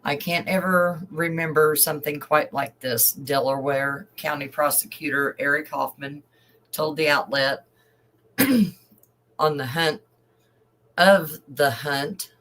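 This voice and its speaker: Male online commentator, slow deliberate delivery, reads articles aloud with heartfelt remarks. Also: on the high side, flat delivery, sharp tone, rough recording. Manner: slow, emotional asides between read passages. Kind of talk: reading news aloud with commentary.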